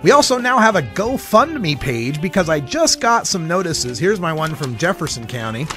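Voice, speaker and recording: A male host delivering a scripted podcast segment in a brisk, reporting tone. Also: on the high side, big pitch swings, music in the background.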